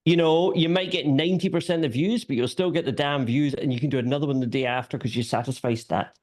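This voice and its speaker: A Scottish man with a softened Scottish accent that carries an Irish edge. He chats casually as a guest on a live stream, self-deprecating and playful, and he often restarts his sentences. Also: medium pitch, quick pace. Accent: Scottish with an Irish lilt. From Scotland. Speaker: guest panelist, content creator.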